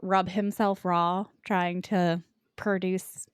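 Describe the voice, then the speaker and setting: A woman's voice: fairly low pitch, flat delivery, takes it slowly, smooth, no echo, clean studio sound. A woman co-hosting a casual book podcast, loosely retelling a plot with frequent "like" fillers and casual swearing. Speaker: podcast co-host.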